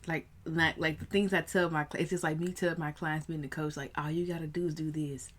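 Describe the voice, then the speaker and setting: Telling a personal story on her casual vlog, this thirtysomething coach gets animated, often climbing into bursts of excitement. She talks a little fast in a low voice.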